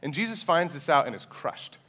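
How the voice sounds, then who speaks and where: A man's voice: a little high, big pitch swings, fairly quick, pushed and bright, slightly rough. A man in his twenties preaching a sermon in a church, humble and earnest, often restarting his sentences. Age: 20s. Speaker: pastor.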